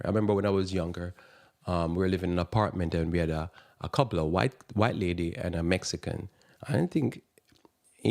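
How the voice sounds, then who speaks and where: A man with a fairly low voice hosts a Christian radio talk show in a preaching style. He fires off indignant rhetorical questions, and his pitch leaps up when he is outraged. His phrasing is loose and rambling, full of restarts. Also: darkish tone.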